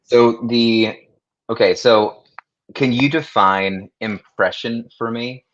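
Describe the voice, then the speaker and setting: A man's voice: mid-range voice, fairly even intonation, slow, fairly bright tone, lo-fi sound. A man co-hosting a casual livestream chat, asking questions and reading chat comments aloud. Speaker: co-host.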